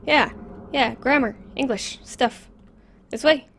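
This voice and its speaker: Brief: woman, horror game let's play, jittery, repeats words, a bit high-pitched, close mic, faint room hum. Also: slow, fairly bright tone. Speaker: gameplay commentator. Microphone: close desk microphone.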